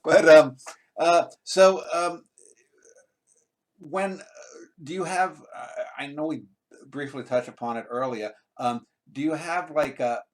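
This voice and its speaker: A male host asking long, meandering interview questions on a video call, often pausing and restarting. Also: on the high side.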